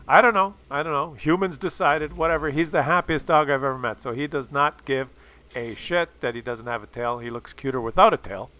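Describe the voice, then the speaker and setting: A man giving casual, animated commentary on gameplay, chatty and swearing freely. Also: fairly high pitch, fairly quick. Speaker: gaming video commentator.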